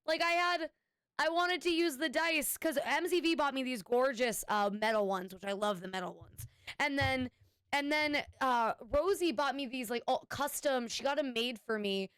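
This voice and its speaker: Chatty higher-voiced woman streamer. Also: moderate pace, a bit bright, clean tone, no room sound. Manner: chatty, rambling, casual swearing. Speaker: Twitch streamer. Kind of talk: casual chat with stream viewers.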